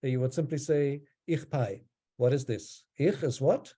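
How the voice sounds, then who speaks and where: Relaxed man teaching a class online. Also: medium pitch, a little slow, slightly rough. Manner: relaxed, explanatory, with frequent ums.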